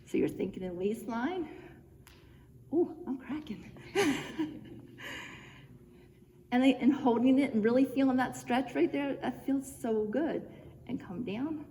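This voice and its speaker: A woman's voice: a little high, animated, moderate pace, dark tone. A woman fitness instructor talking viewers through simple home exercises, chatty and encouraging, a bit out of breath from moving along with them. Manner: encouraging, chatty, cueing moves step by step. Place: church room, indoors. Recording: reverberant room with faint background noise.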